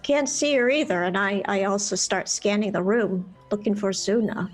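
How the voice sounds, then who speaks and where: A woman's voice: medium pitch, soft background music. A woman playing a tabletop game, speaking hesitantly and joking at her own expense. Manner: halting, self-mocking. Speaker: player. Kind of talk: in-character roleplay chat.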